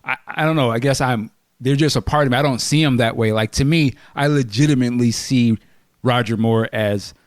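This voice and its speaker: A man hosting a casual podcast chat, laughing easily and trailing off quietly. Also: medium pitch, brisk, no echo, clean studio sound.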